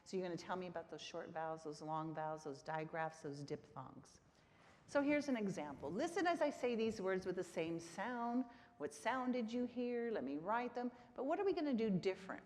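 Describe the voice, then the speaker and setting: A Texan woman presents a conference lecture on literacy teaching, regularly checking in with the audience by asking "right?" Her mid-range voice is animated and darkish, moving at a normal speed. The conference hall sounds reverberant.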